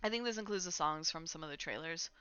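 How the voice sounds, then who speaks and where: A Twitch streamer with a low-sitting, smooth voice talks quickly in a pushed, bright way, chatting casually at home, laughing often and talking to her cat. Faint playlist music plays behind her on a dry, dull-sounding recording.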